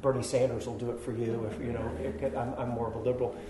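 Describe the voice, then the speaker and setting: A man's voice: mid-range voice, little pitch movement, quick pace, roomy sound, background noise. A man giving a dharma talk, telling a self-deprecating personal story with laughs and then teaching. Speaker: meditation teacher.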